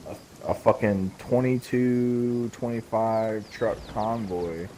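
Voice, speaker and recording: A man's voice: fairly low pitch, dark tone, a little hiss or hum. A man telling a profane army story in casual chat. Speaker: guest, former soldier.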